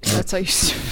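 A woman's voice: high voice, sharp tone, no room sound. A woman co-hosting a podcast in casual chat, dry and playful. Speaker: podcast co-host.

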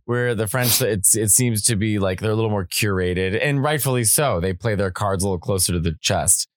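A man with a low voice talks on a comedy podcast in a playful, teasing way. The sound is close and dry, with no room around it. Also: fairly quick, no room sound. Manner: playful, drops into mock French and Italian voices. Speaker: guest comedian. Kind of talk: casual podcast chat.

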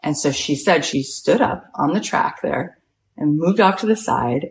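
A woman's voice: very deep voice, gravelly, a little hiss or hum. A woman podcast host telling a story with energy, acting out the people in it and saying "like" a lot. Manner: acts out the people in her stories, lots of "like". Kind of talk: animated storytelling.

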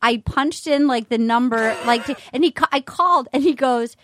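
A woman co-hosting a podcast in casual chat, telling stories with gushing excitement. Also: high voice, moderate pace, no room sound. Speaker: podcast co-host.

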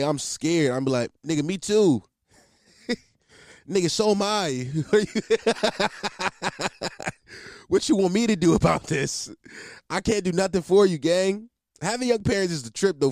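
A man's voice: on the high side, darkish tone, no room sound, studio quality. A man in his twenties talking in a casual solo podcast monologue, rambling and profane, laughing at himself. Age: 20s.

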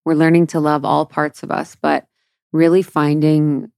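A woman's voice: low-pitched, level tone, unhurried, creaky, a little mellow, dry recording, studio quality. Nasal young woman co-hosting a podcast. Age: young adult. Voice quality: nasal from allergies. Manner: bubbly, laughs often. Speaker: podcast co-host. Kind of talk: casual chat.

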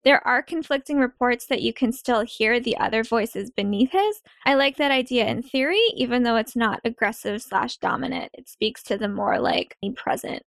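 Brief: a lively, laughing woman host chatting casually, dry close mic. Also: a little high, normal speed, vocal fry, few pauses, no room sound. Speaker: podcast host. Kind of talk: casual chat.

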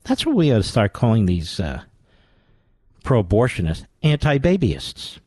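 A man's voice: on the low side, very animated, a little slow, warm tone, slightly rough, dry recording. A man hosting a political talk radio show, delivering sarcastic, combative commentary.

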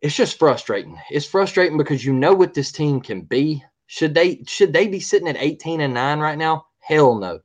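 A man's voice: on the high side, animated, normal speed, few pauses, lo-fi sound. A man co-hosting a sports podcast, ranting in a heated, repetitive way and often asking "all right?". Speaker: podcast co-host.

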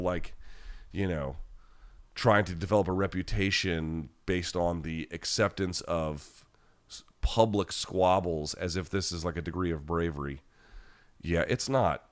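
A man's voice: deep voice, normal speed. A man hosting a podcast live chat, answering viewers in a blunt, rambling, casual way with many restarts.

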